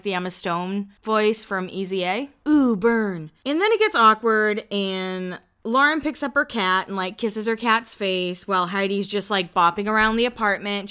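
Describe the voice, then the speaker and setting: A young woman hosts a podcast, casually recapping a reality show, laughing often and slipping in quick quoted asides. Her medium-pitched voice is pushed, bright, and smooth.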